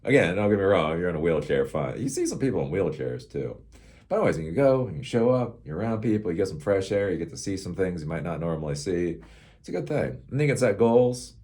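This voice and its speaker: A man's voice: low voice, sing-song, quick pace, a little mellow. A middle-aged man hosting a casual, rambling tech commentary show, sarcastic and laughing at his own jokes.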